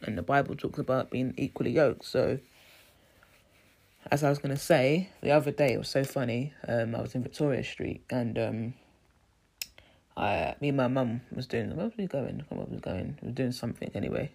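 Husky chatty woman. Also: rumbling low, fairly quick, a little mellow. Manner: chatty, rambling, laughs often, says "you know what I mean". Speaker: vlogger. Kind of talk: casual storytelling vlog.

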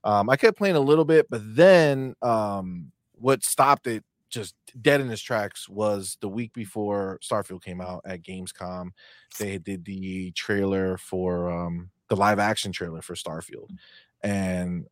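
A man co-hosting a casual gaming chat, animated, dropping low for asides. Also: a little slow, dry recording.

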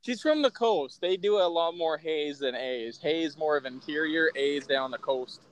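A man's voice: a little high, moderate pace, a little hiss or hum, rough recording. A man with a Canadian accent, co-hosting a casual podcast in an easygoing, joking way. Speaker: podcast co-host.

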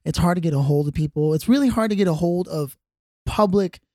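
A man talking casually as a podcast co-host, animated and quick to laugh, recorded in a dry studio. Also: high voice, dry recording. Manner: animated, laughing, slips into impressions. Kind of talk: casual chat.

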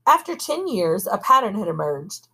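A woman reading a novel aloud at a steady pace, now and then pausing to correct herself. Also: medium pitch, vocal fry, slightly rough. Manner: steady reading with occasional coughs and self-corrections. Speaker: audiobook reader. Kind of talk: amateur audiobook reading.

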